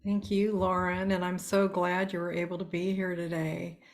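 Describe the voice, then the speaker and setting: A woman speaker on a video call, answering gently and with appreciation. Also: on the low side, flat delivery, normal speed. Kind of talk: casual reply on a video call.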